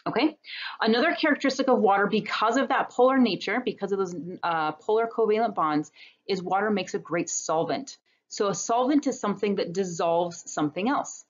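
A woman's voice: medium pitch, a little fast, muffled recording. A woman biology instructor giving a recorded lecture over slides, explaining step by step in a conversational way. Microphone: webcam or computer mic on a talking-head recording.

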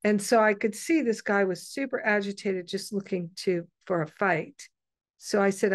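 Woman host, unhurried and soft, wanders through a story with pauses; dry, close sound. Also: medium pitch, dry recording. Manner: meandering and gentle, with frequent pauses and restarts. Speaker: host of an online spiritual gathering. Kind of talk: personal storytelling to an online group.

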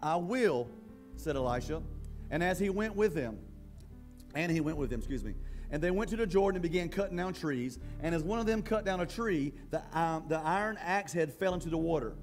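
Man, pastor, church sermon, conversational, halting, repeats words, fairly high voice. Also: lively intonation, soft background music.

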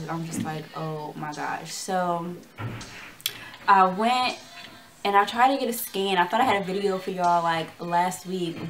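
Chatty young woman vlogger, slangy. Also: on the low side. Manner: chatty, slangy, acts out dialogue in a lively way. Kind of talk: casual storytelling to camera.

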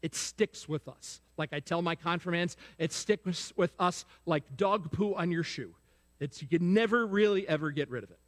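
A man's voice: on the high side, normal speed. A man pastor preaching a sermon. He asks the congregation questions over and over and prompts them to answer. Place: church sanctuary. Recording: long reverb of a church sanctuary.

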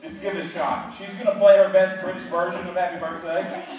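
A man's voice: high-pitched, flat delivery, fairly quick, music in the background. A man, playfully coaxing and joking with a crowd as he leads the gathering. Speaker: event leader addressing a crowd. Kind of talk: casual crowd address. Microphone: phone camera, from a distance. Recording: very echoey phone recording from far off.

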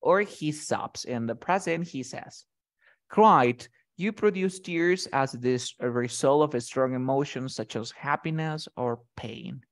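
A man's voice: medium pitch, unhurried. A man teaching English vocabulary in conversation, explaining each word with short acted example lines and often checking that his student follows.

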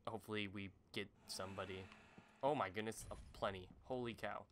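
A young man commenting on a boss fight as he plays, swinging from muttering to loud yelps and exclamations. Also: fairly low pitch, fairly even intonation, fairly quick, slight background noise. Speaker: gaming channel host. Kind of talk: excited let's-play commentary. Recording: game music underneath.

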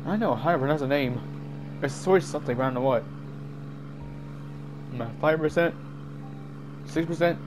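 A man giving jumpy, excited commentary while playing a game, easily startled and laughing at himself. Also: a little high, moderate pace, pauses often, background noise. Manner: jumpy, screams and laughs at scares, self-mocking. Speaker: gamer.

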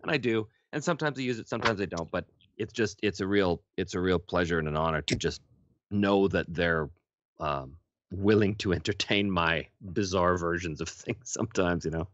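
A man's voice: deep voice, moderate pace, a bit bright, no room sound, muffled recording. A man, a voice actor, chatting in an interview and laughing between his anecdotes. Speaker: voice actor guest. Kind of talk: casual interview storytelling.

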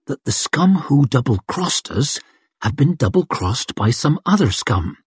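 A man's voice: mid-range voice, big pitch swings, slow pace, darkish tone, breathy edge, heavily acted. A man voicing a wary, dry-witted woman thief who mutters wry asides in an audiobook. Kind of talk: audiobook character voice.

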